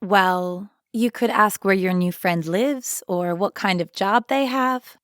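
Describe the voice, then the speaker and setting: Woman, language teacher, scripted lesson, clear encouraging delivery, mid pitch, dry close sound. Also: takes it slowly, dry recording. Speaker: French teacher.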